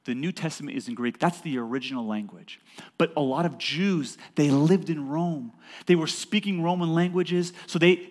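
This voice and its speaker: A man preaching a sermon as a pastor in a church, emphatic and building to loud peaks, with joking asides to the congregation. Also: a little high.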